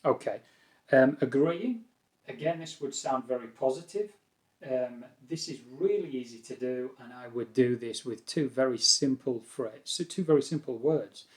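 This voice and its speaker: A British man teaching an English lesson, calm and patient, explaining phrases and acting out examples. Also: mid-range voice, moderate pace. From Britain.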